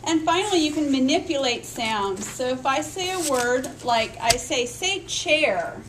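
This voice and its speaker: A woman with a fairly high voice gives a recorded lecture on early reading. She walks through each idea step by step, sounds out speech sounds herself, and keeps checking in with "right?". Faint noise sits under her voice. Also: expressive, moderate pace. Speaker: literacy education instructor.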